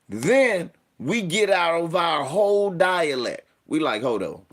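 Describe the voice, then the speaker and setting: Animated man telling stories slowly. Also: on the high side. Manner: animated storytelling, puts on voices and mock formal talk. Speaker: streamer host. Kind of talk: casual livestream commentary.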